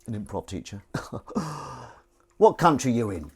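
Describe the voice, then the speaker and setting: Doing the washing-up at a kitchen sink, this English livestream host with a Southern English accent jokes around, rambles, and reads chat out loud over running water and clinking dishes. He has a husky, medium-pitched voice with big pitch swings, speaking a little slowly.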